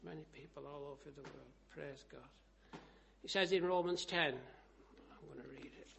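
A man preaching a sermon, telling stories and rising to loud, emphatic scripture reading. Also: a little high, a little slow, gravelly, lo-fi sound, slight background noise.

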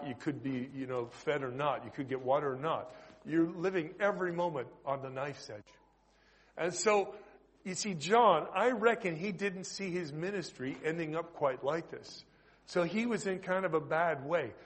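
High-voiced Canadian preacher, lively and loud-soft. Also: male voice. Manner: lively, conversational preaching with sudden loud bursts and soft drops. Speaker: Anglican priest and prison chaplain. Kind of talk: sermon.

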